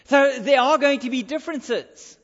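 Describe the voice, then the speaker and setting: A man's voice: very high voice, normal speed, fairly bright tone. A male pastor preaching a sermon in church, emphatic and repeating his key phrases. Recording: dull recording with long hall reverb.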